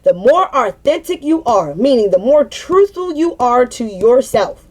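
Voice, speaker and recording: A woman's voice: a little high, sing-song, unhurried, a little mellow. A young woman venting in an unscripted spiritual monologue, blunt and profane, preaching with repeated emphatic phrases. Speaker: spiritual vlogger.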